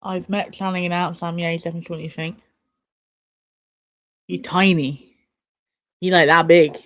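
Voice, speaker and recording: A woman's voice: on the low side, steady tone, normal speed, a bit bright. A young woman casually chatting and swearing while she watches an awards show live for her stream viewers. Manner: chatty, swears, laughs and banters at the screen. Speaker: streamer hosting a watch party.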